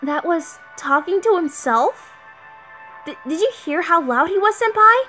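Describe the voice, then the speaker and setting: A timid young knight girl , as a woman puts her on, stammering politely in a high, light voice. Faint music drifts behind her. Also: animated, measured pace, pushed and bright, full character voice. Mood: nervous. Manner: nervous, stammering.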